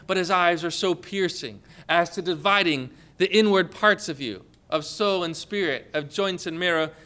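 A male preacher giving an earnest devotional sermon in a bright, fairly high voice. His tone is clear and crisp, and he leans on expressive rhetorical questions.

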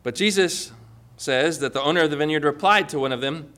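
A man preaching a sermon with an animated delivery, full of rhetorical questions and dramatic emphasis. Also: fairly high pitch, fairly quick.

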